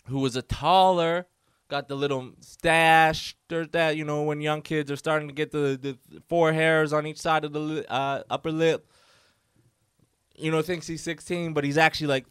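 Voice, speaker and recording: A man hosts his podcast alone, telling a rambling story in a casual, animated way. His voice is smooth and clear, recorded dry and close with no room sound. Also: fairly high pitch, no echo. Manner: animated, loose storytelling full of fillers and quoted voices. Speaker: podcast host.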